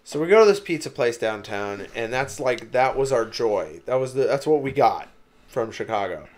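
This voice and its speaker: A young man co-hosting a podcast, telling a story in casual chat, animated and profane, acting out what people said. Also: mid-range voice, normal speed. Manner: animated storyteller who acts out quotes, swears freely. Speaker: podcast co-host.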